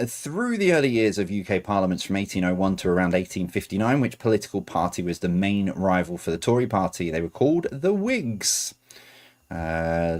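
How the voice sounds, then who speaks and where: Chatty man reading quiz answers. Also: low voice. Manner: chatty, self-correcting asides. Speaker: quiz host.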